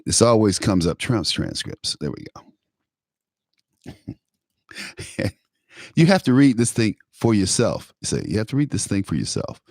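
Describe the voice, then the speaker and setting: A man's voice: on the low side, wildly swooping pitch, a little slow, gravelly, pauses often, a little mellow, no echo, studio quality. A man hosting a talk show, giving a political commentary monologue, emphatic and repetitive, often laughing at his own remarks.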